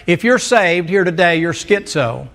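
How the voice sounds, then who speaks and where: A man's voice: high-pitched, expressive, measured pace, fairly bright tone. A middle-aged male pastor from the American mountains, preaching a sermon in a folksy, storytelling way with humorous asides. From American mountain region.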